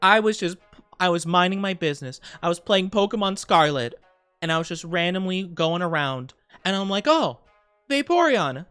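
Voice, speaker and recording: A man's voice: sits high, moderate pace, fairly bright tone, clear, resonant tone, no echo, soft background music. A bubbly, giggly young man chatting casually with his live-stream audience. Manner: bubbly and giggly, talking straight to chat.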